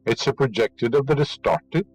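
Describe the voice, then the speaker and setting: A man's voice: medium pitch, moderate pace, a little mellow, slightly rough, faint music behind, rough recording. A man delivering a spiritual lecture, emphatic and teaching, scornful of superstition and fond of rhetorical questions. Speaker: inspirational lecturer.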